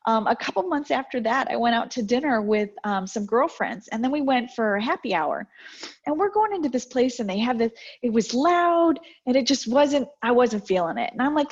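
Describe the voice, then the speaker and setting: A woman's voice: fairly high pitch, moderate pace. A middle-aged woman giving a motivational talk on a video call, telling personal stories and acting out the exchanges she quotes. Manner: lively storyteller, acts out quoted exchanges. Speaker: guest speaker. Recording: dull lo-fi video call audio.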